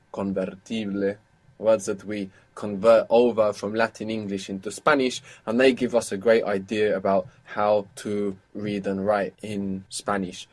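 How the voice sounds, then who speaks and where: A man teaching Spanish in a live online lesson, explaining patiently and slowing down to dictate phrases. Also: on the low side. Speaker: Spanish tutor.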